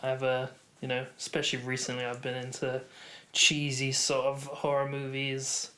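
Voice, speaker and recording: A man's voice: medium pitch, monotone, normal speed, bright, forceful tone. Laid-back man in his twenties. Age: 20s. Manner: laid-back, chatty, plugs the website. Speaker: podcast co-host. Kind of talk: casual chat.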